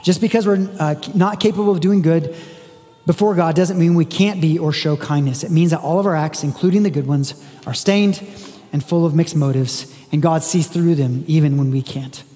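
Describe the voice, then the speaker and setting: A man's voice: a little high, normal speed, dark tone, big-room sound. A man preaching a sermon in a conversational way, reading scripture aloud with emphasis. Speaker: pastor.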